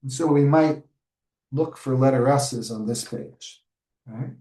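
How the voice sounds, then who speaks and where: Give me a man modeling a storybook read-aloud for teachers, animated, correcting himself, in a roomy room. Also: mid-range voice, slow pace. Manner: animated storybook reading with asides and self-corrections. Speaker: early childhood educator. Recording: roomy sound, distant from mic.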